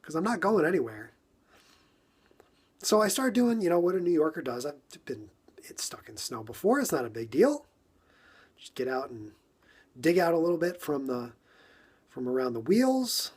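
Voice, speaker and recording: A man's voice: high voice, a little mellow. A man from New York telling a casual story on a phone livestream, acting out his own frustration with lots of repetition.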